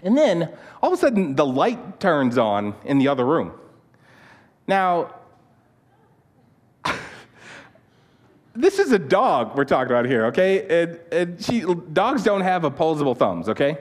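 A man preaching a sermon, telling a personal story with animated restarts and asides, then praying in a quieter tone. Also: unhurried, long pauses. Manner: animated storytelling, many restarts, repeats "okay?"; turns soft and low in prayer. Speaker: youth pastor. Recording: long hall reverb.

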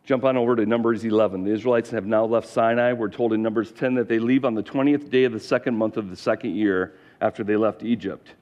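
A man's voice: on the low side, fairly even intonation, fast talker, hardly any pauses, a little mellow, lo-fi sound. A male pastor preaching a sermon, telling the story in a plain and earnest way.

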